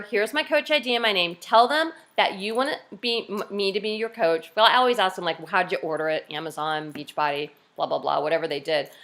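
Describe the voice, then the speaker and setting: A woman's voice: medium pitch, fairly bright tone. A woman coaching her team on a video call, chatty and upbeat, acting out cheerful quotes now and then.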